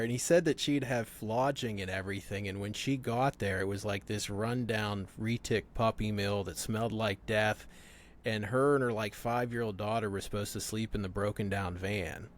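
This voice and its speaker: A man in casual conversation, telling stories with frequent laughter and swearing. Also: on the low side. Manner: laughs often, profane storytelling. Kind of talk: casual chat.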